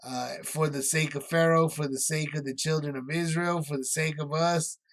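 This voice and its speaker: Man, Bible study teacher, relaxed conversational delivery, many fillers, slightly high pitch. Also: normal speed. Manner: conversational, many fillers, paraphrases scripture in everyday words.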